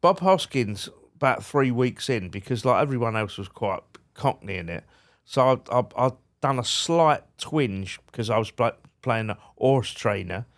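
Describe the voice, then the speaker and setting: Male podcast guest, mid pitch, casual anecdote-teller who trips over words. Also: animated, a little slow. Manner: chatty, repeats words when starting, colloquial. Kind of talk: casual storytelling chat.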